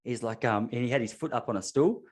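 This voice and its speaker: A podcast host with a medium-pitched voice talks fast in a casual chat. He rambles through anecdotes, telling stories with self-mocking humor.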